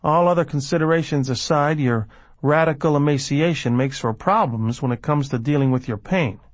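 A man's voice: a little high, normal speed, no room sound, close to an everyday voice. A man voicing a cool, unsentimental former doctor who talks in a precise, clinical way.

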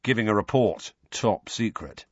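A man's voice: on the low side, lively intonation, a little slow, husky, no echo, muffled recording. A man voicing a chatty teenage boy, a confiding twin, in an audiobook. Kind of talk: audiobook character voice.

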